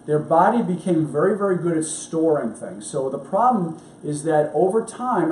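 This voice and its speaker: In an echoey kitchen at home, a middle-aged doctor from New York hosts his health show, his voice on the high side with a dark tone. Picked up off-mic from a distance with slight background noise, he rambles through casual cooking and health talk in a chatty, upbeat way.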